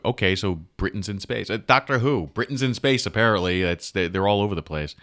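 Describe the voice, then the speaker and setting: A man's voice: fairly low pitch, a little fast, a bit bright. A man co-hosting a casual podcast chat who often restarts his sentences and laughs easily. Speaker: podcast co-host.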